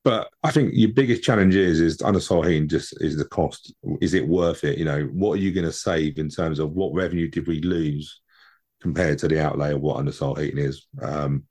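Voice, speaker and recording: A man's voice: rumbling low, brisk, a little mellow. A man co-hosting a casual football podcast from home, chatty and rambling, often repeating his words. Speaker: podcast co-host.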